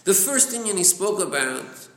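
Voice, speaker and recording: Lively man teaching a Torah class. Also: high-pitched, normal speed. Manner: lively, repeats words, mixes Hebrew and Yiddish terms into English. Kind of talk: Chassidic text class, explaining to students. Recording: echoey room.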